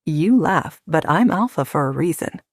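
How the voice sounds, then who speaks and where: A woman narrator voicing a confident, protective young male werewolf alpha, speaking in a firm, steady, lowered voice. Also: normal speed, no room sound, studio quality. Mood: earnest, firm.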